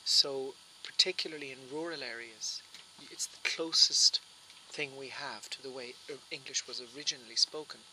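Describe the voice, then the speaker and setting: A man with a flat Irish accent, explaining at length in an interview, often restarting his sentences. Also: mid-range voice, moderate pace, a little hiss or hum, poor audio. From Ireland. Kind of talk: interview answer.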